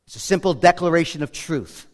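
A man's voice: fairly high pitch, fairly quick. A man preaching a sermon as pastor, in an earnest, conversational way with frequent restarts. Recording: long hall reverb.

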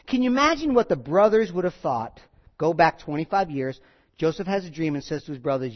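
A man preaching a sermon in a conversational, animated way, with frequent asides. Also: on the high side, a little fast, dull audio. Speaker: pastor.

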